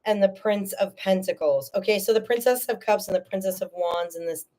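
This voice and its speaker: A woman giving a live tarot reading, chatty and animated, often checking in with "okay?" and "all right?", and tearful at times. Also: mid-range voice, fairly quick. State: tearful, emotional. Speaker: tarot reader.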